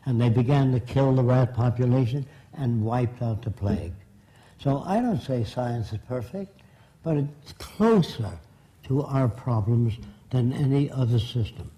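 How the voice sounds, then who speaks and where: Older man, sardonic and mellow. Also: mid-range voice, low-quality recording. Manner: sardonic storytelling, mocking asides. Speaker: speaker on science and religion. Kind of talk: informal lecture.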